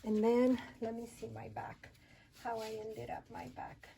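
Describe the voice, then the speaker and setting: A woman's voice: a little high, little pitch movement, unhurried, vocal fry, warm tone. A woman hosting a casual paper-craft tutorial, chatting and counting aloud as she folds and cuts, recorded with noise and handling clicks. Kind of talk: casual hands-on craft demonstration.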